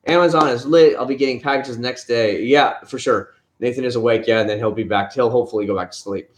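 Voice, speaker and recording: Speaking at a quick pace in a medium-pitched voice, a man hosts a casual live stream from home with family nearby. He rambles easily about cars and answers viewer chat one comment at a time, and the recording has a roomy echo.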